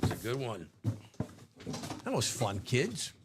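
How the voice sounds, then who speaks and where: A man's voice: mid-range voice, huge pitch swings, slow pace, heavy background noise. A man hosting a live card-break stream, upbeat and chatty in a casual way.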